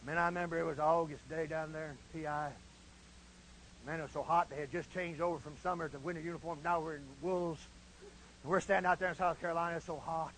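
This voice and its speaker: A middle-aged man preaching in a folksy, animated storytelling manner. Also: fairly high pitch, fast, a little hiss or hum, rough recording. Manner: animated, folksy, shifts into shouting. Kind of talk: storytelling sermon.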